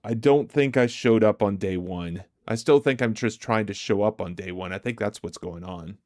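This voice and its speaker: A man's voice: fairly low pitch, moderate pace, a little mellow, dry recording, clean studio sound. A man hosting a livestream, chatting casually with viewers, answering their comments aloud and laughing often. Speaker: livestream host. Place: home streaming setup.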